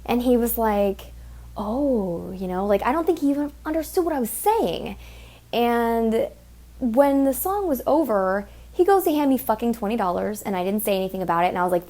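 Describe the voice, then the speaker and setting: A woman's voice: on the high side, very animated, normal speed, warm tone. A woman hosting a podcast, telling a story in a blunt, heated, profane way and mimicking the people in it. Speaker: podcast host. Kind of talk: casual storytelling monologue.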